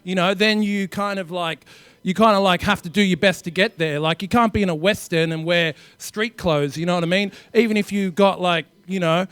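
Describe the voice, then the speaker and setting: Aussie guy on a panel pushing back hard, high smooth voice, dry sound. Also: steady tone, normal speed, fairly bright tone, dry recording. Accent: Australian. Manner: emphatic, argumentative, lots of fillers. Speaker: film director. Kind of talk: panel discussion.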